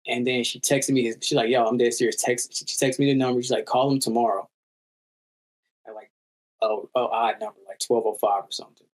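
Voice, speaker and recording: A man guest in a casual interview, telling a story in a lively way with slang and loose phrasing. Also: medium pitch, fairly quick, long pauses. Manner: animated storyteller, acts out quoted voices. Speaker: musician guest.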